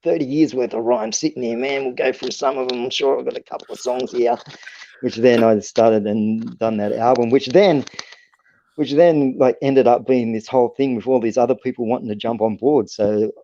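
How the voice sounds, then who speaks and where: A man's voice: mid-range voice, normal speed, mellow, slight background noise. An Australian man telling long stories as a guest on a casual interview podcast, rambling along with lots of fillers and restarts. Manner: rambling, laid-back, full of fillers and restarts. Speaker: guest musician. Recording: dull lo-fi podcast audio.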